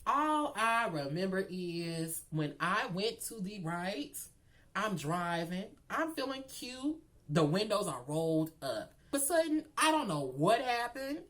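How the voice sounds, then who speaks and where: A woman telling a dramatic story in a casual, animated way, often calling the listener "girl.". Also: medium pitch, measured pace. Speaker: storytelling vlogger.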